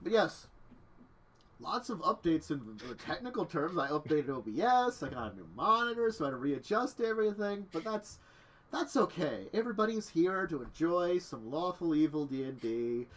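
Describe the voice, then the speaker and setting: This game master hosts a tabletop stream in a voice a little high and sing-song, at a moderate pace. Chatty and self-deprecating, he laughs often about his own technical troubles.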